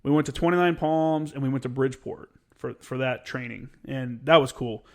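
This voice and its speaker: A man in casual podcast conversation, telling military stories with plenty of swearing and acting out other people's lines with sudden jumps in his voice. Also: moderate pace. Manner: profane, animated, acts out others' lines with jumps in pitch. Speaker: Marine veteran podcast guest. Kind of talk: casual storytelling chat.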